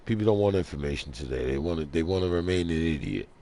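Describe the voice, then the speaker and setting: A man hosting his own internet radio show delivers a rambling, slang-heavy monologue and laughs at his own jokes. His voice is rumbling low and mellow, expressive, with a quick pace.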